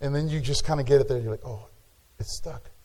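A male pastor preaching a sermon, building to emphatic peaks and dropping to quiet, drawn-out words. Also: mid-range voice.

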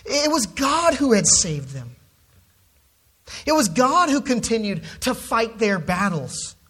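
Slow, emphatic preacher. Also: medium pitch, sing-song, fairly bright tone, breathy edge. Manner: emphatic, stresses key words, repeats words when restarting. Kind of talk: expository sermon.

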